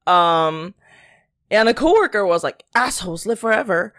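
A young woman chats on a podcast, her pitch swinging up and down as she tells a story. She keeps saying "like" and acts out other people's lines. Her voice sits in the middle of the range for a woman. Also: animated, normal speed, fairly bright tone. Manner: chatty storyteller, lots of "like", acts out quotes, laughs often. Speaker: podcast co-host. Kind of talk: casual podcast chat.

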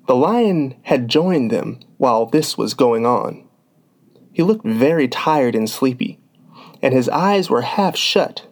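A man reading a classic storybook aloud as narrator. His pace is very slow and deliberate, in a plain middle pitch. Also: animated.

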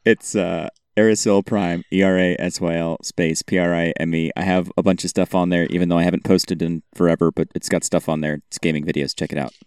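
A woman putting on a low, gruff accented voice. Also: wildly swooping pitch, rapid-fire, few pauses, fairly bright tone, no room sound, clean studio sound, exaggerated voice. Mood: offhand. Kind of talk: player putting on a voice.

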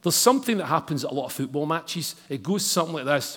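A man's voice: a little high, animated, quick pace, few pauses, fairly bright tone. A man preaching a sermon and reading scripture aloud, with casual asides to the congregation. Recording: long hall reverb.

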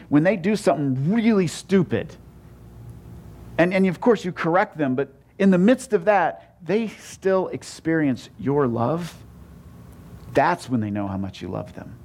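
Stammering, conversational male preacher. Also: fairly high pitch. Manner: conversational with repeated stammered restarts; wide swings between loud emphatic and hushed lines. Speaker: pastor. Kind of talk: sermon.

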